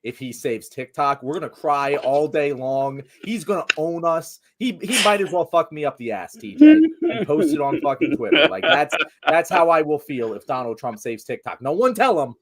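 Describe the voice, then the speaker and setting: A man in casual political chat with a co-host, animated and sarcastic, swearing often. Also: a little high, moderate pace, few pauses, crowd noise. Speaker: political commentator.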